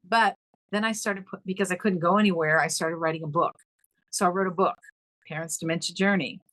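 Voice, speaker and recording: Middle-aged woman, podcast guest, low voice, dry, animated storyteller. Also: brisk, dry recording, poor audio. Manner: animated, acts out quoted dialogue with pitch leaps. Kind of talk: emotional storytelling in conversation.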